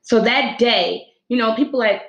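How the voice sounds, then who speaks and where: At normal speed and with a slightly high voice, a young woman hosting a podcast relates her own story casually and from the heart, performing quoted lines. The recording, made in an echoey room, has a lo-fi sound.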